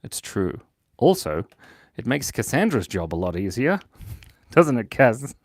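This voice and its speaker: Lively, chatty man drawing on a livestream. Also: medium pitch, measured pace, dry recording, studio quality. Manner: chatty and playful, reads viewer comments aloud, giggles often. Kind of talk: casual live-stream chat while drawing.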